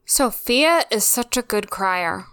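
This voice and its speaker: A woman's voice: mid-range voice, animated, takes it slowly, fairly bright tone, clear, resonant tone, no room sound, studio quality. A woman co-hosting a TV recap podcast in casual chat, musing and asking rhetorical questions. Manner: conversational, offers life advice, asks rhetorical questions. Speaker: podcast co-host.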